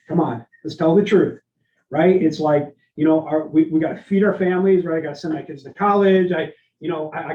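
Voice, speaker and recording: In dull, distant, roomy lo-fi audio from an event room, a middle-aged man with a somewhat high voice delivers an energetic leadership workshop to live and online listeners. He spins stories as a keynote speaker and repeatedly asks the audience "right?" to keep them engaged.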